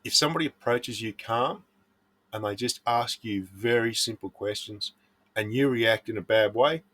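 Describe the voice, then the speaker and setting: A man's voice: mid-range voice, normal speed, fairly bright tone. Blunt Australian man giving advice. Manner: earnest, blunt, preachy. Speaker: prospecting vlogger. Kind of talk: casual advice monologue.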